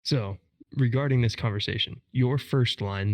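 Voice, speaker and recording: A man co-hosts a gaming podcast in casual chat, laying out game mechanics step by step. His voice sits somewhat low, and the sound is dry and close. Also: fairly even intonation, moderate pace, no echo. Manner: analytical, explains step by step. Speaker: podcast co-host.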